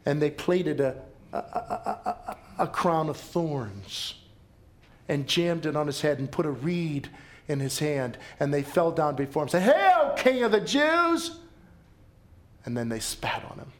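A pastor preaches with a slightly high voice, telling stories with drama and hammering points home through repetition. He swings from hushed, low moments to emphatic lines. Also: a little slow. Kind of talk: sermon.

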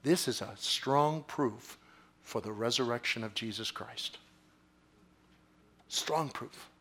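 A man preaching a sermon in a church, swinging from quiet, low phrases to loud, excited bursts. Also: slow pace, breathy edge. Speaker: pastor.

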